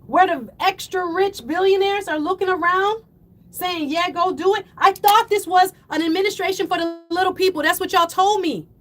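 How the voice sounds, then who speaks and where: High-voiced lady on call-in radio, fired up and preachy, gets loud. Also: normal speed. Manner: fiery, preachy, rising to yelling then apologizing. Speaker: radio talk show host. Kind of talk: impassioned call-in show commentary.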